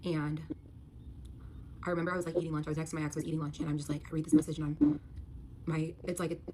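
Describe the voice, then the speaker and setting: A woman telling her personal story in a quick, breathless storytime monologue. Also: sits low. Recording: noisy clip.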